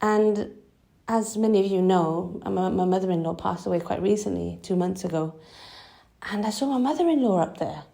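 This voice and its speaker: A young woman telling a personal story in a halting, emotional way, with many restarts. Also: medium pitch, gravelly, warm tone. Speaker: vlogger.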